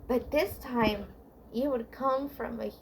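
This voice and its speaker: A woman's voice: fairly high pitch, slow pace, vocal fry, a little hiss or hum. A woman vlogger giving heartfelt relationship advice in a casual, confiding monologue, rambling with frequent restarts and fillers.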